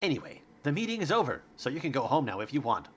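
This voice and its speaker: A man doing a flat monotone girl. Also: medium pitch, fast talker, slightly rough. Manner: flat monotone, robotic delivery. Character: calm, unsettling club president girl.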